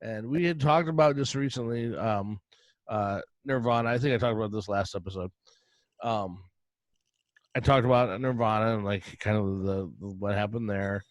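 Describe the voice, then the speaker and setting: A middle-aged man hosting a podcast, telling a rambling casual story in quick bursts with frequent laughs. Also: lowish voice, no echo. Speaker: podcast host. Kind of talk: casual chat.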